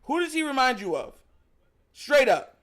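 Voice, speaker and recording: A man with a New York accent hosting a live stream, talking loudly in slangy, excited commentary, often shouting and laughing. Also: very high voice, normal speed.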